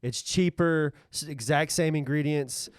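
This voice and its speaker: A man's voice: on the high side, unhurried, clear, resonant tone, dry recording, clean studio sound. A man co-hosting a podcast in laid-back casual chat, rambling along with plenty of "like" and "uh". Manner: laid-back, rambling with lots of 'like' and 'uh'. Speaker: podcast co-host.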